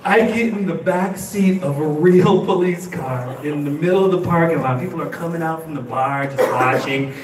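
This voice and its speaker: A man doing stand-up, telling a story in an animated way and laughing through his own lines at a live venue. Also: on the high side, normal speed, hardly any pauses, very noisy. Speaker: stand-up comedian. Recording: echoey room, distant mic, loud clicks.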